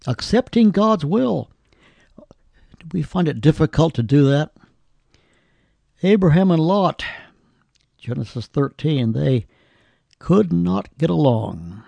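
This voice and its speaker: A man delivers a sermon in an unhurried, measured cadence, leaning on old-style scripture phrasing. His voice is gravelly and dark, yet sits slightly high for a man. The sound is close and dry. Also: sing-song, no echo. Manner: slow, deliberate delivery with scripture quoted in old English. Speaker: preacher.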